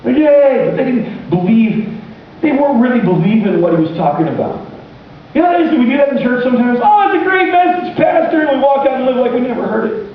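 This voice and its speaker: A man delivers a lively sermon, his high voice swinging widely as he acts out quoted speech. The sound is captured from far off in a very echoey church hall. The recording is muffled, with faint noise underneath. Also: fairly quick. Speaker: pastor. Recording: distant, muffled room mic with faint noise.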